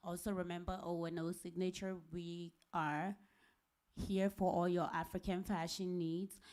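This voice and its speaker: A woman's voice: fairly low pitch, flat delivery, a little slow, darkish tone. A woman from Ghana hosting a live talk show, upbeat and repeating details, often laughing.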